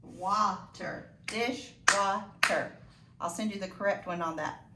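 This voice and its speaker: A woman teaching a phonics lesson to children, slow and encouraging with sing-song praise. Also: fairly low pitch, very noisy. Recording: echoey room, voice from a distance.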